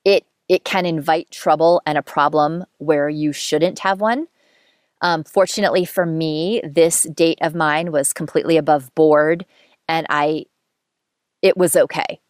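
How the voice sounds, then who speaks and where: A woman host telling a candid dating story in a casual monologue, animated, self-mocking and swearing freely. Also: deep voice, measured pace, no echo, studio quality.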